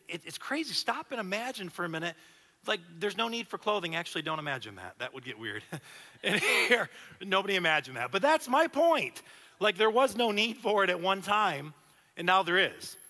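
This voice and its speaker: Animated man preaching in a reverberant hall. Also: high-pitched. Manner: animated, conversational preaching with repeated restarts. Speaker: pastor. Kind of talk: sermon. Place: church auditorium.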